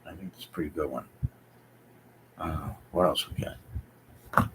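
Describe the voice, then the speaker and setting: Deep-voiced man rambling on a live stream. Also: steady tone, a little slow, a bit bright, slight background noise, low-quality recording. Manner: rambling, hesitant, thinking aloud with many fillers. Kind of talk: casual live-stream chat. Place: home basement.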